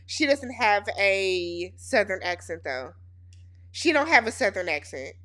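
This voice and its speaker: A woman's voice: medium pitch, sing-song, measured pace, fairly bright tone. A woman host giving a casual, sassy and blunt recap of a reality TV episode.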